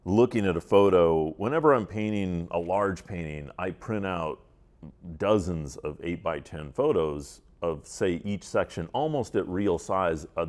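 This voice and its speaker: A male artist talking casually at a museum, an animated storyteller who acts out the voices of people he quotes, with plenty of fillers and restarts. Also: low-pitched. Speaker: visiting artist. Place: university museum.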